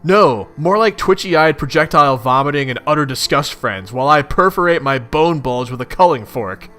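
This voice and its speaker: A man voicing a loud, irritable young male troll who rants angrily and swears. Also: a little high, lively intonation, normal speed, soft background music. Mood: ranting. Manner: angry, foul-mouthed ranting.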